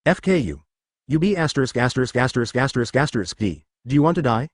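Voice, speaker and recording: A man's voice: medium pitch, very animated, fast, no room sound, studio quality. A man voicing an arrogant young fighter who roars curses. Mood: furious. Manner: cursing, roaring. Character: arrogant furious young man with lightning powers.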